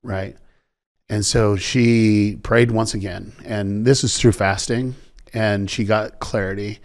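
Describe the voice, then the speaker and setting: A man's voice: lowish voice, fairly even intonation, takes it slowly. A man guest in an interview, telling a story with energy, acting out quoted voices and often repeating words. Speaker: executive producer guest.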